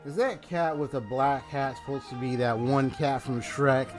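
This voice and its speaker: A man streaming a game live, excitable, his voice jumping high when surprised. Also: moderate pace, few pauses, soft background music. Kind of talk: live gameplay reaction.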